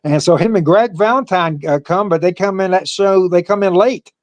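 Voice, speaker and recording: A man's voice: high voice, dry recording, dull audio. Older man rambling through wrestling stories. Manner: halting, many "uh" fillers, laughs through stories. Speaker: former pro wrestler, guest. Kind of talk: casual storytelling interview.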